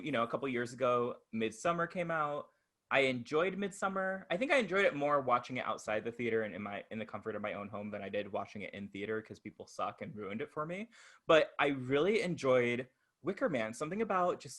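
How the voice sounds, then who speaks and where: A man co-hosting a podcast in casual chat, a campy, profane storyteller who laughs often. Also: mid-range voice. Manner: animated storyteller, laughs often, acts out voices. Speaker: podcast co-host.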